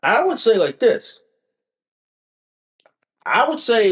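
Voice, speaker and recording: A man's voice: high voice, sing-song, slow pace, pauses often, a bit bright. A male podcast host delivering a profane, repetitive political rant in an emphatic tone.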